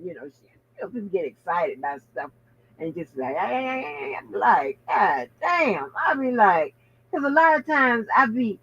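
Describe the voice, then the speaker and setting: A woman host giving casual, profane commentary with animated, drawling asides. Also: fairly high pitch. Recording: dull lo-fi sound.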